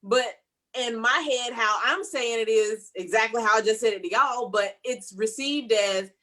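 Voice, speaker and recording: A woman co-hosting a relaxed panel conversation, with a bright, somewhat high voice. She talks animatedly and slips into little acted-out versions of how she sounds to others. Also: normal speed. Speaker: podcast co-host. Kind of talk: casual panel discussion.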